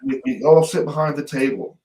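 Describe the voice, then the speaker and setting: A man co-hosting a talk show, telling a family story in a lively, laughing way and mimicking his relatives. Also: on the high side, a little fast. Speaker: podcast co-host. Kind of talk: casual storytelling. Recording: echoey room, off-mic.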